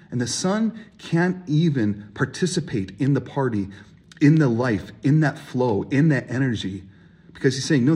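A man preaching a sermon, animated and emphatic, acting out the voices of people in his stories. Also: fairly high pitch, slightly rough. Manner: animated, acts out voices in quotes, rising emphasis. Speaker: pastor.

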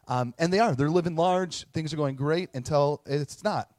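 A man preaching in a casual, animated way, often checking in with tag questions. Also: fairly high pitch, moderate pace, few pauses, no echo. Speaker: pastor. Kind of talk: conversational sermon.

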